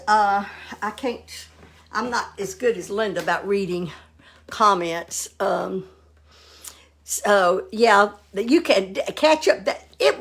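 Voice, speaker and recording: A woman's voice: medium pitch, fairly bright tone. An older woman hosting a casual cooking vlog, talking in a homey, rambling way with many fillers. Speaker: cooking show host.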